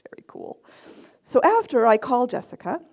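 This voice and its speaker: A woman's voice: on the high side, big pitch swings, moderate pace, vocal fry, darkish tone. A middle-aged woman minister giving a sermon with personal stories, acting out her own reactions as she tells them. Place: church service.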